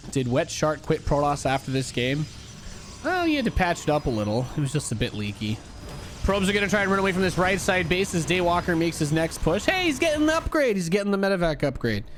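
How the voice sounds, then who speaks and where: A man's voice: fairly high pitch, very animated, fast, a little hiss or hum. A young man giving casual, joking commentary on an esports replay as a streamer. He swings between hype and dry asides. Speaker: streamer and caster.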